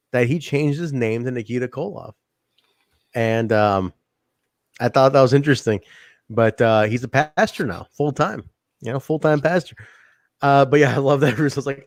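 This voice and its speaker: A man's voice: mid-range voice, normal speed, long pauses, a little mellow, no echo, studio quality. A man co-hosting a casual wrestling review show, talking animatedly, laughing often and acting out quotes. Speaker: podcast co-host. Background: live chat audience.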